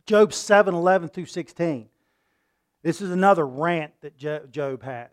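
Earnest preaching man, higher voice. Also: slow, pauses often. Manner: earnest, rising to impassioned outbursts when quoting; repeats and restarts words. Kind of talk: sermon.

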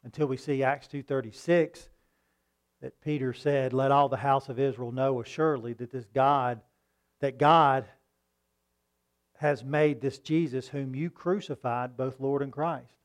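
A man preaching a sermon in a conversational tone, asking rhetorical questions and reading scripture slowly. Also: medium pitch, fairly even intonation.

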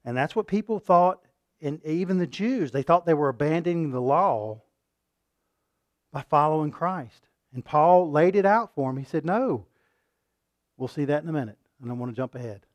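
A man preaching a sermon, rising to loud emphatic peaks and dropping to quiet asides, asking his listeners questions and repeating words for emphasis. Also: a little high, animated, moderate pace, dry recording.

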